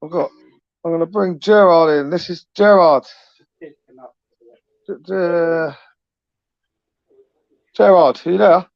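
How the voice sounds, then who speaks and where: A man's voice: a little high, slow, vocal fry, pauses often, dry recording. A man hosting a casual live stream, chatting in slang, tagging questions onto his sentences and reading out viewer comments. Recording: dull, lo-fi, dry.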